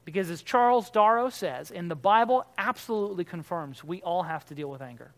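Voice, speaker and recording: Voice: mid-range voice, expressive, a little fast. A pastor giving a conversational sermon, asking the listeners rhetorical questions and acting out the remarks that people make. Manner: acts out quoted remarks in character.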